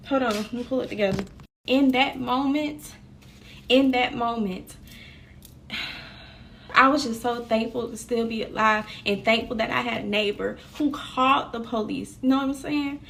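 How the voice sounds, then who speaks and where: A woman's voice: a little high, vocal fry, fairly bright tone, slight background noise. A young woman telling a personal story to her viewers in a candid, slangy, casual way.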